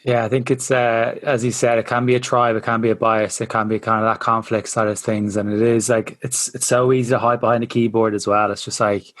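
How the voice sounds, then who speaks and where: A man's voice: medium pitch, level tone, a little fast, hardly any pauses. A man interviewing, agreeing and adding reflective comments in a casual conversation.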